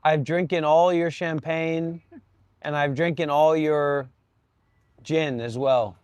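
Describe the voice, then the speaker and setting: A man's voice: a little high, fairly even intonation, slow, a little mellow, smooth, no echo. Playful, exclaiming man hosting a live stream. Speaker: livestream host. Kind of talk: casual live-stream chat.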